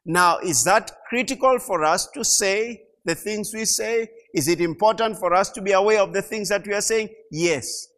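A middle-aged man preaching a sermon, slow and emphatic, repeating key phrases and rising to loud peaks. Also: high voice. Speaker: pastor.

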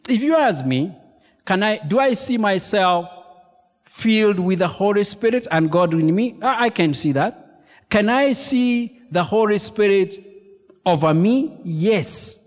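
A man preaching a sermon as pastor, animated and emphatic, repeating key phrases and throwing questions to the congregation. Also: high voice, a little slow. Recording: long reverb of a large hall.

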